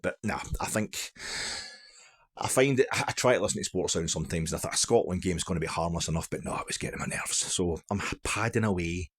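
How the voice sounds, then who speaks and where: A man's voice: deep voice, husky. A middle-aged man with a Glaswegian accent, telling a rambling, self-mocking story in a casual monologue. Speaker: vlogger.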